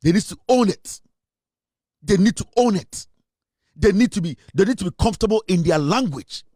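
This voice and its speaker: This Ghanaian-accented show host delivers impassioned commentary in English and Twi, preaching and repeating phrases for emphasis. He's high-pitched with lively intonation and a darkish tone at normal speed, recorded dry in studio quality.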